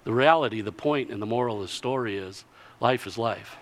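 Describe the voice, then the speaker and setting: A man preaching a sermon, telling a story with lively delivery and answered by the congregation. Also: medium pitch, a little fast. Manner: lively storytelling, acting out villagers in character.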